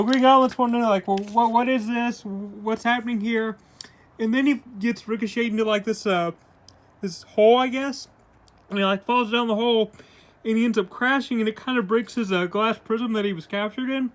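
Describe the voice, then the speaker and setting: Casual male comic reviewer, high-pitched, loose rambling delivery, quotes the characters in his normal voice. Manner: rambling retelling full of "like" and "uh"; paraphrases characters' lines in his own voice.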